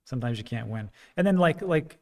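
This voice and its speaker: A man's voice: mid-range voice, expressive, brisk, a little mellow. A man hosting a casual livestream, chatting frankly and rambling as he reads out viewer comments, with frequent fillers. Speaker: crypto livestream host.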